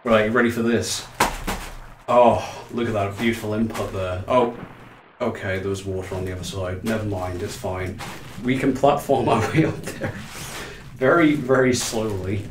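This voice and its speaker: Out of breath guy streaming a game, lowish voice, roomy room with a bit of hiss. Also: moderate pace. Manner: chatty, self-mocking, swears, reads chat aloud. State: out of breath, legs tired. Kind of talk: live gameplay commentary.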